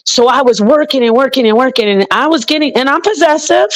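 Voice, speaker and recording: A woman in casual chat, telling an animated story and swearing freely while quoting people. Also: high voice, fast talker, rough recording.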